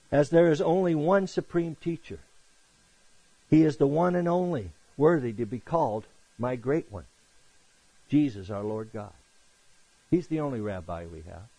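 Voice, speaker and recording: Pastor, man, slightly high voice, animated sermon delivery with loud-to-soft swings, dry close sound. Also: breathy edge, no echo, low-quality recording. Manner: animated preaching, acts out quoted greetings, swings from loud to soft.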